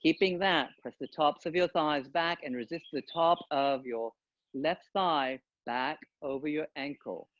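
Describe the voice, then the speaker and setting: Calm male yoga teacher, dull dry sound. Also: a little high, dry recording. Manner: calm, unhurried cueing with pauses. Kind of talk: guided yoga instruction.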